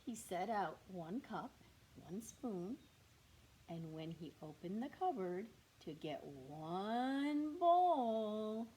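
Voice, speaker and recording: A woman teacher reading a picture book aloud to young children, slow and expressive, with whispered asides to the class. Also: medium pitch, a little hiss or hum. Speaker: kindergarten teacher.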